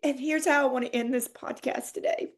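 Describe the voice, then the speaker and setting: A woman's voice: high-pitched, brisk. A woman hosting a podcast, telling a personal story in a heartfelt, teary way. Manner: heartfelt, laughs and tears up while telling. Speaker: podcast host. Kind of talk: emotional storytelling monologue.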